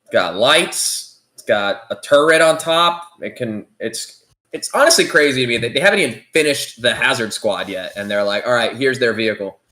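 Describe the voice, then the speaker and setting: Podcast co-host, male, excitable and rambling; lively, swinging pitch. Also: moderate pace. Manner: excitable, rambling, frequent restarts. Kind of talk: casual chat about toys and movies.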